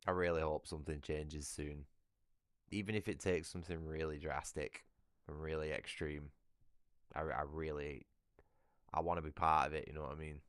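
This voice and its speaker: Deep-voiced British man ranting. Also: level tone, normal speed, long pauses, fairly bright tone, smooth, no room sound, studio quality. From United Kingdom. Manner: profane, ranting. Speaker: livestreamer. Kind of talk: casual livestream chat.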